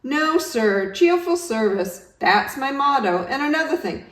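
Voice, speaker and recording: Storybook yak taxi driver, nonstop chatterbox, high and loud, read by a woman, roomy and distant. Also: expressive. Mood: chattering. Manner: rattles on fast, loud and high-pitched, barely pausing. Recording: roomy, distant home recording.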